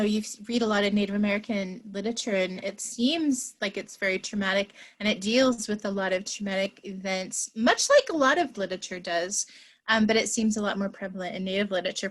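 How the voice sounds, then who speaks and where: Woman writer, mid-pitched, thoughtful and a little hesitant, panel answer. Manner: thoughtful, hedging with fillers.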